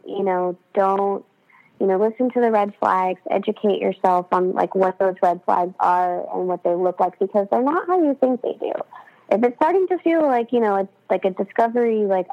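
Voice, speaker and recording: A woman guest chats casually on a podcast, her speech loose and full of fillers. Her voice sits at an everyday pitch. The recording sounds dull and lo-fi, lacking top end. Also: normal speed. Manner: chatty, full of "like" and "um", laughs often. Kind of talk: casual interview chat.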